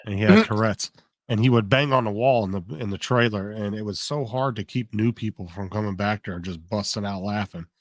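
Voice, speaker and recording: A man with a somewhat low voice chats casually, wondering aloud and repeating himself as he gathers his thoughts. The sound is dry and close, with no room echo. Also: fairly quick, few pauses. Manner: curious, rambling, repeats words as he searches. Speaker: co-host on a live stream. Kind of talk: casual chat.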